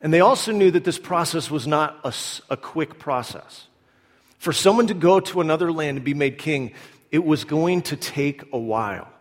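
A male pastor delivers a sermon in a casual, storytelling manner, slipping into quick acted-out asides as he explains. His voice sits a little high for a man. The sound carries a long reverb, as if the sermon was recorded in a large hall. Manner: animated, conversational preaching with acted-out asides.

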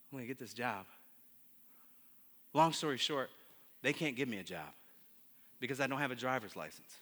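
A man preaching a sermon built on his own testimony, telling it in bursts with many restarts, moving between hushed retelling and emphatic preaching. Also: medium pitch. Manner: storytelling, with many restarts and repeated words. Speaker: pastor. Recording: long hall reverb.

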